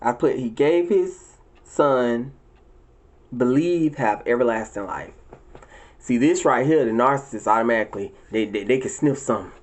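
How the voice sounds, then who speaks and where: A man ranting and preaching profanely. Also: normal speed. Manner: profane, preachy and emphatic, with repeated words; leaps into high, shrill exclamations. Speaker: vlogger. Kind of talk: casual ranting monologue to viewers.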